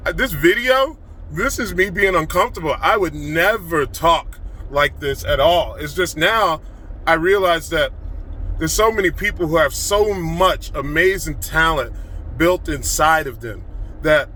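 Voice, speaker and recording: A man giving an excited, emphatic motivational rant to his phone camera, recorded in a car. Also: on the high side, a little hiss or hum. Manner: excited, fast-flowing, emphatic. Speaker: vlogger.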